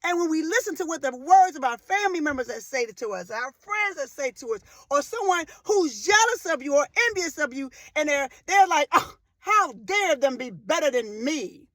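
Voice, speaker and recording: A woman in her forties delivers a faith-based motivational talk in a high, ringing voice. She speaks with fervent emphasis, hammering home repeated phrases and surging into loud, emotional peaks. The recording is dry and close, with no room echo. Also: expressive, fairly quick, few pauses. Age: 40s. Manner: rises to loud emotional outbursts.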